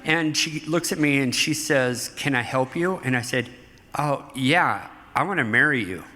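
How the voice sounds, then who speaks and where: A middle-aged man, a guest in an interview, telling stories from his life in an animated way, often laughing. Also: mid-range voice, measured pace, a little hiss or hum. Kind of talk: storytelling interview. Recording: hall reverb.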